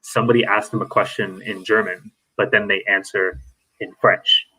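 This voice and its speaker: A man's voice: on the low side, flat delivery, moderate pace, pushed and bright, breathy edge, low-quality recording. A man hosting a podcast interview, talking loosely with plenty of fillers. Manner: loose, rambling, heavy on fillers. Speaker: podcast host. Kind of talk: casual interview chat.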